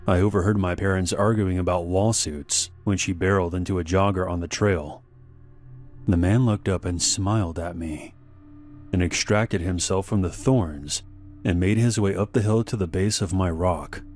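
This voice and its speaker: A man narrating a scripted horror story in a measured, unhurried way. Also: low-pitched, steady tone, darkish tone, a little hiss or hum. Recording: faint background music.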